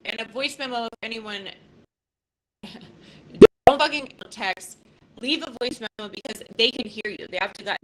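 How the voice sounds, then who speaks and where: Bright-voiced woman in her fifties, raw and profane. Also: fairly high pitch, a little fast, low-quality recording. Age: 50s. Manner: raw, emotional and profane, with many restarts. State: close to tears. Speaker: podcast host. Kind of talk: casual live podcast talk.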